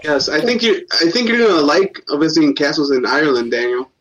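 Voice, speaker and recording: A man on a dull, lo-fi call joins a casual podcast chat, his voice a bit high and lively in pitch. He teases the hosts in a dry, playful way. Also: fairly quick. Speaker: guest calling in.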